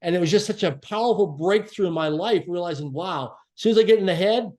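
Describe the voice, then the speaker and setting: A man as a podcast guest, telling a personal story in an earnest, reflective way and slowing down to stress key phrases. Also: high voice, a little mellow. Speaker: podcast guest, author and speaker.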